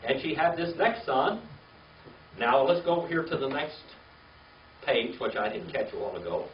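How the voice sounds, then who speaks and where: An older man teaching a classroom Hebrew reading lesson, patient and slow, spelling words out letter by letter. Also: mid-range voice, animated, slight background noise. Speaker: Bible language teacher. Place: classroom with a small group. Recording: echoey, distant, dull lo-fi room recording.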